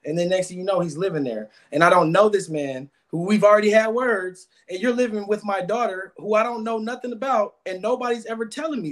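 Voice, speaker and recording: A man's voice: high voice, brisk, fairly bright tone. A man guest giving emotional, rambling interview answers, often repeating words.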